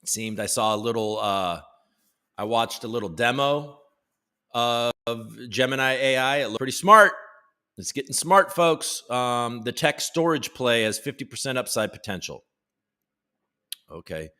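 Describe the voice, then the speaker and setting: A man's voice: mid-range voice, lively intonation, measured pace, sharp tone, clear, resonant tone. A man from the United States hosting a casual live stream from home, joking loosely and greeting chat viewers by name. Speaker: livestream host.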